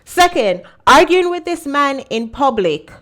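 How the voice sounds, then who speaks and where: Woman, reaction commentary host, blunt, animated, slightly high voice. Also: measured pace.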